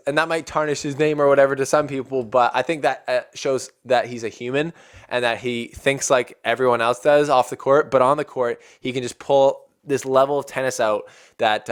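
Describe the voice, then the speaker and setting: A man hosting a casual tennis recap video, chatty and excitable and often breaking into laughter. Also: mid-range voice, a little fast, clear, resonant tone.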